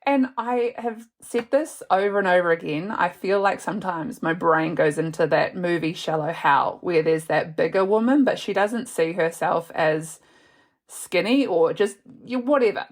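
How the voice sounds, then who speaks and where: A woman's voice: on the low side, moderate pace. A young woman hosting a podcast, chatting casually and laughing often as she retells a night out. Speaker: podcast host. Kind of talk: casual storytelling monologue.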